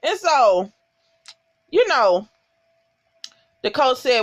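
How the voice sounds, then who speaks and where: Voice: medium pitch, unhurried, no echo. Profane, emphatic TV recapper. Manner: profane, emphatic, animated storytelling; talks straight to viewers as "y'all". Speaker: TV episode recapper. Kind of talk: casual episode recap.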